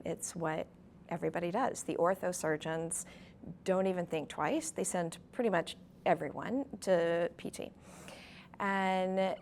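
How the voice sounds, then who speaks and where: Woman in her forties, low gravelly voice, chatty storytelling therapist, faint room hiss. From California, USA. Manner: warm storytelling with frequent ums. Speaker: pelvic health physical therapist, clinic owner. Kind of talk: conversational interview.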